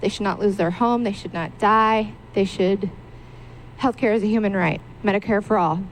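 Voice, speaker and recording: A woman's voice: mid-range voice, normal speed, a little hiss or hum. A woman in the audience at a town hall, earnest, making her point in short repeated slogans. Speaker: audience member.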